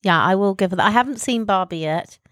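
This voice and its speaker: A woman's voice: mid-range voice, fast talker, no room sound. A middle-aged woman with a British accent co-hosting a podcast in casual chat, dry and matter-of-fact. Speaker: podcast co-host.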